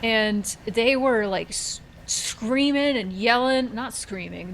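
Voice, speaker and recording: Slow-talking woman gaming streamer. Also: fairly high pitch, fairly bright tone, slight background noise. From Central Florida, US. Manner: rambling storyteller, swears, laughs at herself. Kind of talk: casual gameplay commentary.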